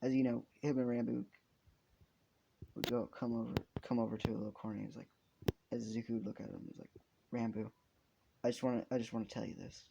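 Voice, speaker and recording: A man's voice: mid-range voice, fairly even intonation, quick pace, creaky, pauses often, muffled recording, background noise. A young man improvising a fan story aloud, rambling and swearing, with frequent restarts.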